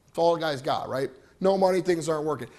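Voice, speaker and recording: A middle-aged man giving an animated storytelling presentation to a live audience, often checking in with "right?". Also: fairly high pitch, quick pace. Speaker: motivational speaker.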